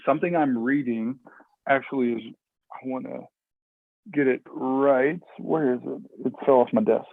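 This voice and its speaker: A man's voice: mid-range voice, normal speed, gravelly. A man from Minnesota talks casually as a podcast guest, rambling and full of fillers and restarts. His voice comes through a thin, tinny remote line. The sound is dry, with no room echo. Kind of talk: casual interview chat.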